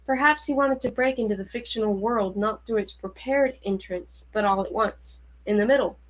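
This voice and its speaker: A woman reading a novel aloud to a stream, calm and unhurried, with measured pauses. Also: fairly high pitch, low-quality recording.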